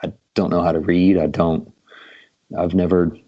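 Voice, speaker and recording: A drummer of around forty, guesting on a podcast, speaks with a low-sitting, slightly rough voice, flat delivery, and a moderate pace. He tells laid-back stories filled with ums, on a recording with dull lo-fi sound.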